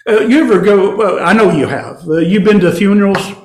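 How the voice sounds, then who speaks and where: A man's voice: high-pitched, brisk, reverberant. A man preaching a sermon, reading scripture aloud and stressing key words with rising emphasis.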